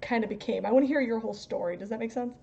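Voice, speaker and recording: A woman's voice: on the high side, very fast, creaky, dark tone, highs cut off. A woman hosting a casual stream, talking bluntly and scolding her chat. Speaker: stream host.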